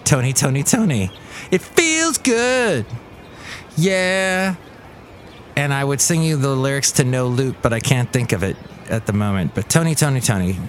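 A man's voice: medium pitch, a little fast, few pauses, slight background noise. Rambling, playful male podcast host. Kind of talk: casual comedic monologue.

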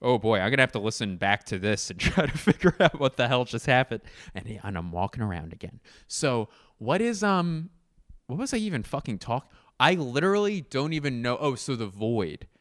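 A man's voice: mid-range voice, very animated, normal speed, a bit bright, no room sound, studio quality. A man hosting a solo comedy podcast, rambling and swearing as he wanders around his home. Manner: rambling, profane, self-mocking. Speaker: podcast host. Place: indoors at home, walking around.

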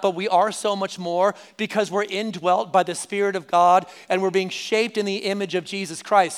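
A male pastor delivers a sermon in a high, smooth voice. He talks in a relaxed, conversational way and repeats key lines for emphasis. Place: church service.

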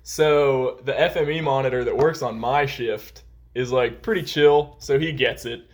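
A man's voice: mid-range voice, a little slow. A young man telling a long work story in casual podcast chat, rambling with lots of "like" and "um". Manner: rambling, heavy use of "like" and "um". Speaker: podcast co-host.

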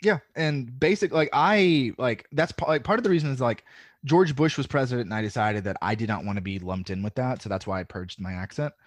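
A man's voice: medium pitch, animated, brisk, dry recording. A man from the American South with a faint Southern drawl, talking as a podcast guest in a rambling, filler-heavy way and swearing freely. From Southern United States. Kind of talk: casual podcast chat.

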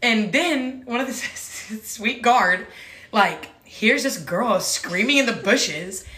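A woman's voice: a little high, animated, takes it slowly, bright, forceful tone. A young woman telling a funny story in casual chat, acting out quotes and laughing often. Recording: echoey room.

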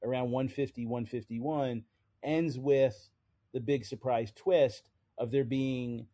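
Mellow-voiced man explaining comic history. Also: medium pitch, steady tone, slow. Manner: explanatory, adds trivia with some hesitations. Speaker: podcast co-host. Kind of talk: casual chat about comic history.

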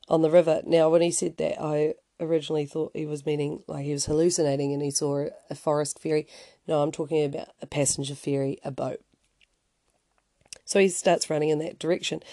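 A man hosts a casual storytelling podcast, recounting events in a loose, conversational flow full of restarts and fillers. His voice is warm and mellow, dropping in dry, wry asides. The close mic gives a dry, intimate sound with no room around it. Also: on the high side, dry recording. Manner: conversational, rambling, frequent restarts and "you know". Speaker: podcast host.

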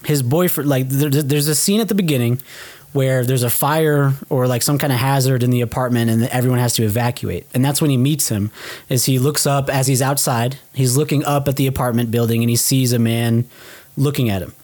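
Animated young man retelling a film. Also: medium pitch, a little fast. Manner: animated retelling, swears casually, acts out quoted lines. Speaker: podcast co-host. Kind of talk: casual film recap chat.

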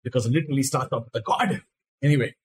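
A man's voice: mid-range voice, rapid-fire, husky, rough recording. Talkative man explaining at length. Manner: explains plot at length with fillers and restarts. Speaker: podcast host. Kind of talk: casual anime podcast chat.

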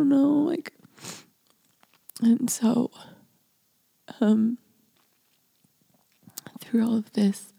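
A woman hosting a casual solo podcast, rambling and confessional with lots of "like", often sinking to a breathy near-whisper. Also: on the high side, warm tone, no room sound. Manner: rambling and confessional, heavy use of "like". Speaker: podcast host.

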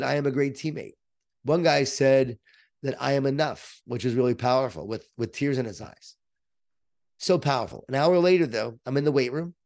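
Energetic middle-aged male author. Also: medium pitch. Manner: energetic, emphatic motivational storytelling. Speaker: author and guest. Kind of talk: interview, storytelling.

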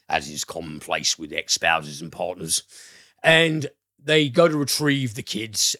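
A man's voice: sits low, fairly bright tone, dry recording, clean studio sound. A man hosting a casual film review podcast, enthusiastic, rambling and profane.

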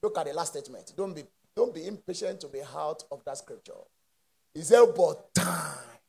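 A man preaching a sermon with impassioned call-and-response and shouted peaks. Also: on the high side, lively intonation, brisk, vocal fry.

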